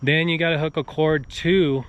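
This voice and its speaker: A man's voice: fairly high pitch, steady tone, moderate pace, fairly bright tone, clean tone, highs cut off. A man casually walking viewers through a car stereo setup, talking to them directly in an informal way. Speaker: car stereo how-to vlogger. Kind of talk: casual how-to walkthrough. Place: outdoors near his car, then inside it.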